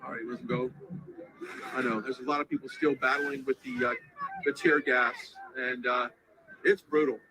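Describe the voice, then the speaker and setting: Halting man reporting live outdoors. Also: medium pitch, little pitch movement. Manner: breathless, halting, reacting on the spot. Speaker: field reporter. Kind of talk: live on-scene news commentary. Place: outdoors in a large crowd. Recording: noisy outdoor crowd recording.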